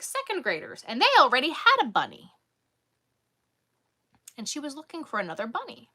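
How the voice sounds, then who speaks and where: A woman vlogger casually telling a story in an animated, exasperated way. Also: high voice. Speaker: crochet vlogger.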